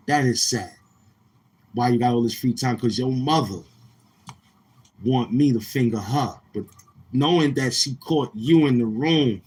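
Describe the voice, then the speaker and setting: A man's voice: mid-range voice, breathy edge, rough recording. A man hosting a casual livestream, talking in brash, heckling, slang-heavy banter. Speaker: live-stream host.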